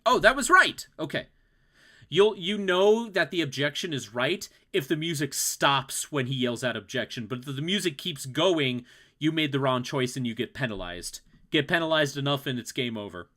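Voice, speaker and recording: A man's voice: a little high, animated, moderate pace, sharp tone. Young man thinking aloud over gameplay. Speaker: let's play host. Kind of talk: gameplay commentary. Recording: game music underneath.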